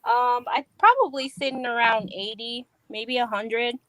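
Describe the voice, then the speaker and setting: High-voiced woman, matter-of-fact. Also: steady tone, a little slow, fairly bright tone, no echo, low-quality recording. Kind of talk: casual panel chat.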